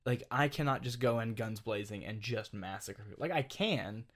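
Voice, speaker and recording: A man's voice: on the low side, normal speed. A man co-hosting a casual gaming podcast, talking animatedly and laughing often. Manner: animated, laughs often, quotes game lines in mock voices. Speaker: podcast co-host.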